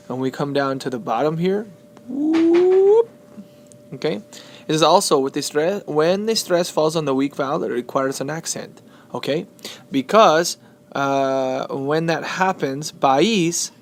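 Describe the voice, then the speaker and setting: A man teaching Spanish spelling and stress, switching between English and Spanish and repeating words slowly. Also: fairly high pitch. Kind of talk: classroom explanation of Spanish spelling.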